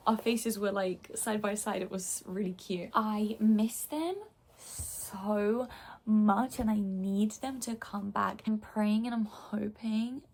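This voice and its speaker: Gushing young woman vlogger, gravelly edge. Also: mid-range voice, steady tone, slow, darkish tone. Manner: gushing, chatty, full of "like". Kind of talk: casual chat.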